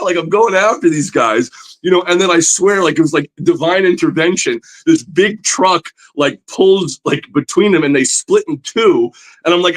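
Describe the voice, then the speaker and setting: A man's voice: fairly high pitch, moderate pace, poor audio. A man in casual podcast conversation, telling stories animatedly with lots of "you know" fillers. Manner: animated storyteller, voice climbs when excited. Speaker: comic book artist guest.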